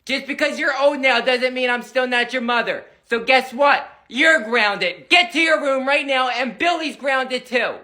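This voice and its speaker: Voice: high-pitched, measured pace, few pauses, bright, forceful tone. A performer voicing a bossy older grandmother in a comedy skit, scolding her grown child in a stern way.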